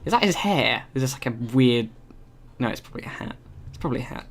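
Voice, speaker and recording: A man's voice: mid-range voice, expressive, fast, vocal fry. A man casually commentating a video game as he plays it, rambling and self-mocking. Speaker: let's play host.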